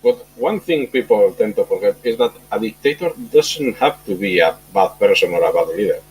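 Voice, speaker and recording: A man's voice: fairly low pitch, animated, normal speed, a little mellow, slight background noise, poor audio. A man joining a livestream as a guest, making dry, wry remarks in casual chat. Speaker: returning guest.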